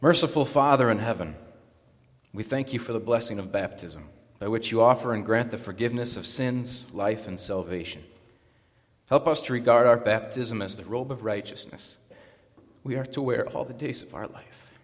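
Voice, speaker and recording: Man, pastor, middle pitch, solemn measured liturgy, church sanctuary, long reverberant echo. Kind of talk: liturgy and scripture reading.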